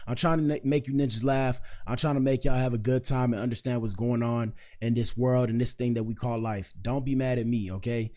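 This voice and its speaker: A man's voice: mid-range voice, fairly even intonation, a little fast, hardly any pauses, dark tone. A man hosting a casual commentary show, joking around and rambling as he talks straight to his viewers. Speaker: host.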